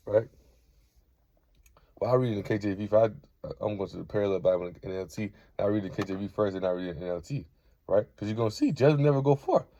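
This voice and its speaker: A man's voice: fairly low pitch, warm tone, breathy edge, no room sound, muffled recording. A man giving an informal scripture lesson, reading verses aloud and checking in with "right?" after most points. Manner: peppers talk with "right?", reads verses aloud. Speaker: Bible teacher.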